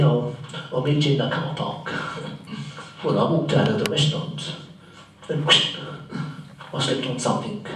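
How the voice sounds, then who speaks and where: On a theatre stage, a stand-up tribute performer plays a bumbling, well-meaning, accident-prone man, rambling through a naive, earnest comic story full of mishaps in a live in-character monologue. His natural, mid-range voice is picked up by a distant mic in a very echoey room, with slight background noise.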